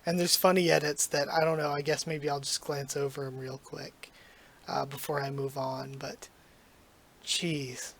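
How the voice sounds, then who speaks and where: A man's voice: a little high, measured pace, slight background noise. Gushing, emotional manga reactor man. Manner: excited and gushing, trips over his words. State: emotional, near tears.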